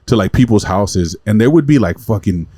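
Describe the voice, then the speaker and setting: A man in his forties hosts a casual podcast, racing through rough, profane stories. His voice sits a little low and moves fast. The mic is close and dry. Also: lively intonation, dark tone, dry recording. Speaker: podcast host. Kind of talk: casual chat.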